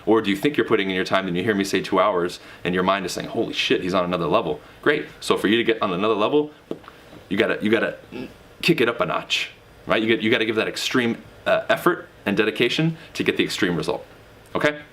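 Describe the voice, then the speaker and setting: A deep-voiced man giving a motivational sales lesson straight to his viewers. He talks directly and casually, with the odd curse, and jumps up in pitch to hammer home key words. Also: expressive, fast, fairly bright tone. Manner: emphatic, swings pitch for emphasis; direct, casual with mild swearing. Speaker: real estate sales coach. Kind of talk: motivational teaching monologue.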